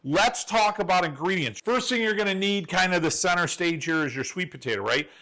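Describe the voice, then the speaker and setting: An enthusiastic man hosts a cooking show from his home kitchen, with a slightly higher voice than most men. He chats folksily and straight to the camera, walking viewers through a recipe. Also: expressive, fairly quick, pushed and bright. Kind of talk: chatty cooking demonstration.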